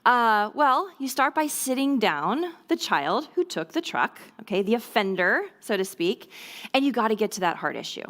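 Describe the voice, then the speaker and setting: A woman's voice: a little high, sing-song, normal speed, fairly bright tone. A woman giving a conversational church talk to mothers about resolving conflict with children, often checking in with "okay?" and "right?" and briefly acting out kids' lines. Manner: acts out children's voices in brief quoted lines. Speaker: speaker at a mothers' ministry talk. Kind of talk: church teaching talk on parenting.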